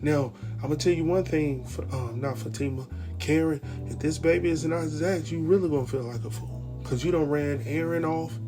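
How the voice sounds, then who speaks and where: Guy recapping a tv show, animated, does all the voices, kinda high voice, faint music behind. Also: normal speed, hardly any pauses. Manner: animated, acts out quotes, laughs often. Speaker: TV recap host. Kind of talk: casual recap commentary.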